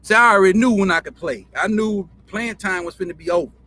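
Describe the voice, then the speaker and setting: A man with a country drawl talks in a bright, forceful voice, a little higher than most men. He rambles, swears freely and circles back over the same phrases. A faint hiss of noise sits under his voice. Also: quick pace. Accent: Southern US country drawl. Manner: profane, rambling, repeats himself. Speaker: show host. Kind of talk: casual storytelling monologue.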